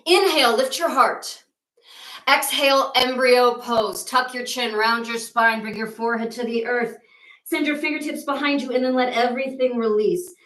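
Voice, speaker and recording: A woman yoga teacher guides a class through poses and weaves in a myth, with playful asides. Her voice is high and bright. She sounds roomy and set back from the mic. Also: steady tone, normal speed, distant mic.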